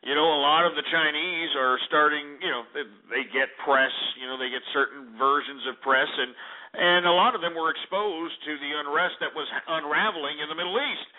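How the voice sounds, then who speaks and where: A man rants on a call-in radio show, angry and profane, hurling insults. His voice sits fairly high and comes through thin and tinny, like a phone line on an old broadcast. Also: brisk. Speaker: radio talk show host.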